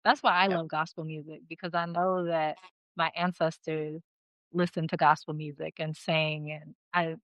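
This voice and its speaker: A woman's voice: low voice, flat delivery, moderate pace, clean tone, no echo, muffled recording. A woman co-hosting a podcast in casual chat, talking emphatically and repeating words as she goes. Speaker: podcast co-host.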